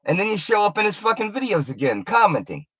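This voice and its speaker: A woman's voice: mid-range voice, very animated, fast, a bit bright, slightly rough, dry recording. A woman delivering an angry, profane, confrontational rant on her video channel, taunting the person she is addressing. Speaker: YouTuber.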